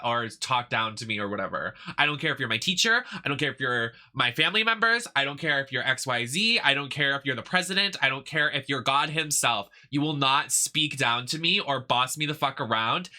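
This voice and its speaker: A man's voice: medium pitch, bright, forceful tone. A young man from the United States who streams games and chats in a sassy, emphatic, ranting way. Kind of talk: casual chat while gaming.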